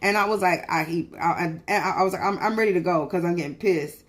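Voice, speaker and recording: A woman's voice: on the low side, brisk. Heated New woman venting. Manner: heated, profane storytelling with many restarts. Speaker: livestreamer. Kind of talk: venting casual monologue. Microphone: phone.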